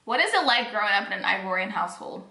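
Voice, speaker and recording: A woman's voice: medium pitch, lively intonation, quick pace, vocal fry, roomy sound, heavy background noise. A young woman who grew up in a Congolese household, hosting a casual chat, playful and teasing, laughing often. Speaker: YouTube host asking tag questions.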